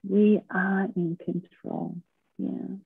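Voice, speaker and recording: A woman leading a workshop on stress. She talks calmly and patiently and often checks in with her listeners. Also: medium pitch, slow, creaky, slightly rough, no room sound. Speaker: workshop speaker. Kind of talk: slow, gentle talk on managing stress. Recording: tinny phone-like line.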